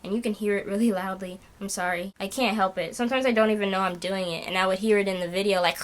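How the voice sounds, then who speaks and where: A woman's voice: medium pitch, brisk, few pauses. A young woman ranting casually to camera in a vlog, exasperated and complaining, with many fillers. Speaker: vlogger.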